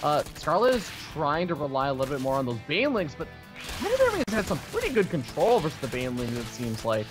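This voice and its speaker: A man co-casting a live esports match in an animated, bantering way. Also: a little high, fast talker, music in the background. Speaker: esports co-caster.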